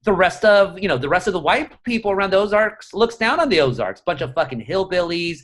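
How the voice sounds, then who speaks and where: A middle-aged man speaks as an interview guest, a columnist with a slightly raised pitch. He tells stories in an animated, profane, enthusiastic way. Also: brisk. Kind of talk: casual interview conversation.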